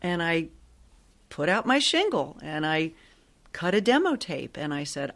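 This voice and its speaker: Guest voice: woman in her sixties, lowish pitch, chatty and lively storyteller. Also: measured pace. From Ohio. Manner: lively, chatty, laughs often. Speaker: guest, actress and voiceover artist. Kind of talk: casual interview storytelling.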